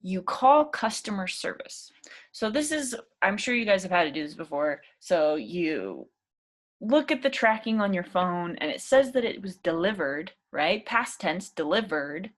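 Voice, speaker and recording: A woman's voice: fairly low pitch, very animated, unhurried. Chatty woman teaching spoken English. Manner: chatty and encouraging, many fillers. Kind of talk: casual spoken lesson.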